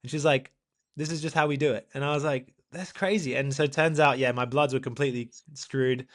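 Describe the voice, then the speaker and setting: Speaking a little fast in a mid-range voice, a young pro triathlete spins an animated story while co-hosting a podcast. He performs the quotes of the people involved and laughs frequently throughout the casual chat.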